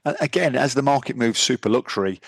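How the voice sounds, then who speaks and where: A man's voice: medium pitch, quick pace, creaky, dry recording. A middle-aged man co-hosting a podcast, chatting casually and rambling with restarts. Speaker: podcast co-host. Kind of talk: casual chat.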